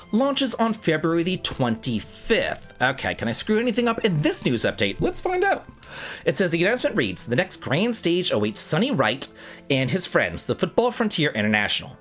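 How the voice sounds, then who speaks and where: A man runs through gaming news in a chatty, self-mocking way, his pitch bouncing all over as he reads. He trips on tricky names and laughs at himself. Soft music plays underneath. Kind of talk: casual news roundup with asides.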